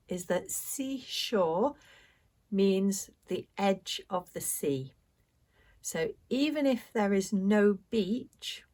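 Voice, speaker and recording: A woman with a British accent teaching English pronunciation, speaking clearly and deliberately with pauses for learners to repeat. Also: medium pitch, a little mellow. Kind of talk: slow pronunciation lesson.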